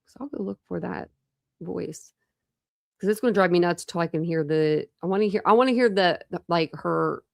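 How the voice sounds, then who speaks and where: Gravelly-voiced woman rambling on a livestream. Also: lowish voice, moderate pace, darkish tone, dry recording, clean studio sound. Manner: rambling, self-interrupting. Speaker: true crime livestream host. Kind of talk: casual livestream chat.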